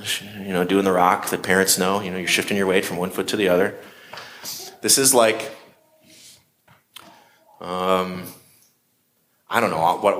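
A man's voice: deep voice, a bit bright. A man preaching a sermon in a conversational way, with shifting emphasis. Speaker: pastor.

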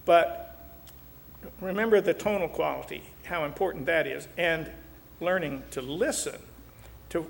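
Older man counselor, light pitch, folksy jokes, reverberant sound. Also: measured pace, vocal fry, long pauses, slight background noise. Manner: folksy, joking, acts out quotes. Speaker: marriage counselor. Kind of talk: talk show teaching.

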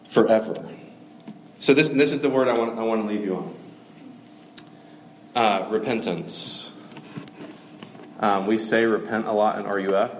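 A man's voice: mid-range voice, slight background noise. Earnest man preaching in an echoey room. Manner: conversational, earnest, frequent fillers. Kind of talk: sermon. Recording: echoey room with faint ambience.

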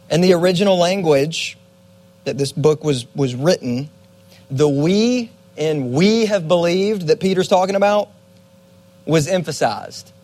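A young man giving a Bible teaching sermon as a youth pastor, earnest and conversational with dramatic pauses. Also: a little high, a little mellow.

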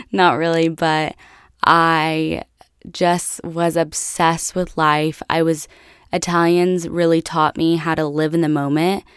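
A young American woman vlogger tells her viewers a personal story, chatty and casual, laughing and saying "like" constantly. Her voice is deep and smooth, captured with studio quality and no echo.

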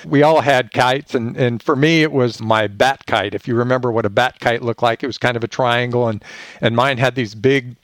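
A man's voice: mid-range voice, no room sound. A man as a podcast guest telling a childhood story, acting out the voices he quotes. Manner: animated, acts out quoted voices. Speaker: podcast guest, leadership author. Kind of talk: casual storytelling.

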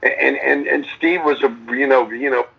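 Middle-aged rock frontman, gravelly and rough, rambling and profane, muffled lo-fi call audio. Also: mid-range voice, normal speed. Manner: rambling, profane, lots of restarts and acted-out quotes. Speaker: metal band frontman. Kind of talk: casual interview answers.

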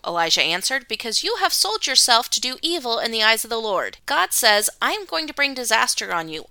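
Bright, chatty woman retelling a story. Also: mid-range voice, smooth, no echo. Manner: chatty and playful, slangy asides. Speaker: podcast host. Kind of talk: casual Bible retelling.

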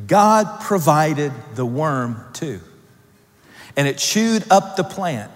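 A male pastor preaching a sermon, swinging between loud emphatic lines and hushed, low ones. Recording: long hall reverb.

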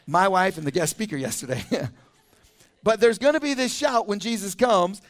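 A man with a notably high-pitched voice preaches a verse-by-verse sermon. He talks in a relaxed, conversational way and drops in lively asides between readings. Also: a little slow. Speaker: teaching pastor. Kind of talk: expository sermon. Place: church.

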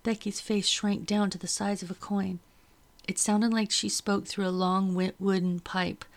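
A woman reading a novel aloud in first person, with earnest, steady storytelling. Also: mid-range voice, a little slow. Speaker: audiobook reader.

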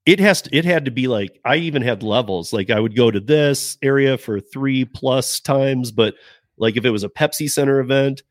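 A man's voice: mid-range voice, moderate pace, dry recording, clean studio sound. A man around fifty, a guest on a casual podcast chat, who rambles with lots of "like" and restarts. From Denver area.

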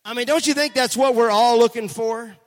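A middle-aged male pastor with a high, bright-pitched voice delivers a lively sermon and keeps drawing the congregation in to answer back. His words ring out through a church with a long reverb trailing after them. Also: a little fast. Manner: energetic, conversational, calls on the congregation to respond. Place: church sanctuary.

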